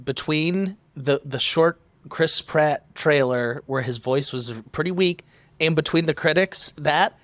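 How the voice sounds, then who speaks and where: A man's voice: a little high, a little slow, fairly bright tone, no room sound. A man hosting a casual podcast chat, playful and enthusiastic.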